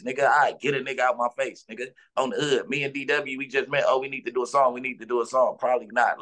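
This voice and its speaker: Heated, animated man in an interview. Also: medium pitch. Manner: animated, profane, insistent street slang. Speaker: interview guest.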